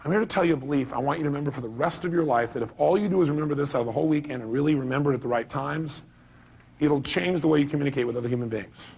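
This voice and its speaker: A man's voice: fairly high pitch, racing, creaky, darkish tone, husky. A middle-aged man giving a live seminar talk as a motivational speaker, emphatic and firing rhetorical questions at the audience.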